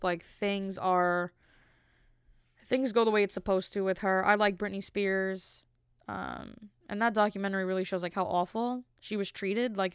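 A woman's voice: mid-range voice, clear, resonant tone, no echo, studio quality. A woman in her thirties talking casually and indignantly, rambling with lots of filler words. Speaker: commentator. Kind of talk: casual opinion talk.

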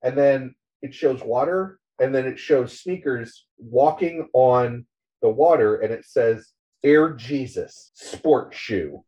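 A man in casual chat, retelling a comic's scenes with many fillers and quick voiced quotes of the characters. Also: medium pitch, expressive, warm tone. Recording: dull lo-fi recording.

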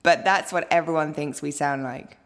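A woman's voice: deep voice, normal speed. A woman with an English accent, chatting as a podcast guest, laughing often and wandering into asides. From Britain. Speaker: interview guest. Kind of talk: casual podcast interview.

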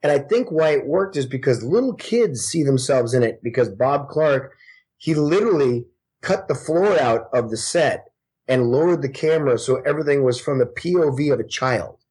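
A man in his forties, a guest actor, telling stories in casual podcast chat with a lively, profane manner. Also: mid-range voice, moderate pace, husky. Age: 40s. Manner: profane, animated storytelling.

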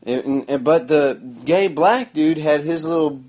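A man's voice: fairly high pitch, a little slow, a little mellow. A man, telling a rambling story in a sarcastic, crude, mocking way. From Oklahoma. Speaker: vlogger.

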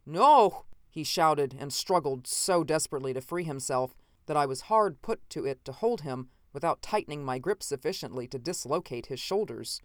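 Audiobook narration, first person, measured and dramatic, smooth clear voice, dry close sound. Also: medium pitch, lively intonation, dry recording.

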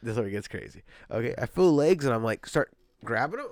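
A man's voice: mid-range voice, sing-song, quick pace, a little mellow. A man co-hosting a casual podcast, telling a raunchy party story with swearing and laughter. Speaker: podcast co-host.

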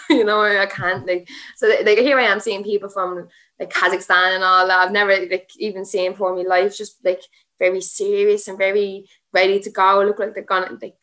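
A woman's voice: medium pitch, level tone, moderate pace, fairly bright tone. A young Irish woman, an MMA fighter and podcast guest, telling a rambling story full of "like" and laughing asides. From Ireland. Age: young adult.

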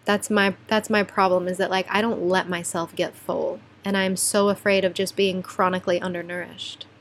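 A young woman talking candidly to the camera in a personal vlog, chatty and animated, with sudden drops to quiet asides. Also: on the low side, normal speed, a little hiss or hum. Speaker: vlogger.

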